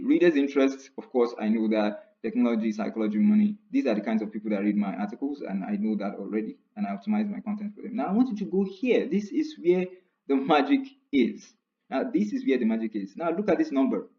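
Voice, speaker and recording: Man, casual screen-share explainer, pushes his pitch up on key numbers, lo-fi mic. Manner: repeats phrases for emphasis, pitch jumps up when stressing numbers. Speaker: online writer explaining platform stats.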